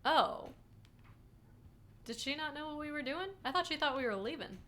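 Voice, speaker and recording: A young woman streaming a game with playful running commentary, talking straight to a viewer. Her voice is high and bright, and her pitch swings widely. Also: lively intonation, moderate pace, slight background noise. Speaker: gaming streamer. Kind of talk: let's play commentary.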